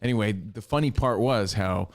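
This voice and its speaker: A man co-hosting a podcast, chatting casually and telling animated stories with acted quotes. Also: fairly low pitch, normal speed. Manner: animated storytelling, mimics people with shouted quotes. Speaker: podcast co-host. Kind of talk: casual chat.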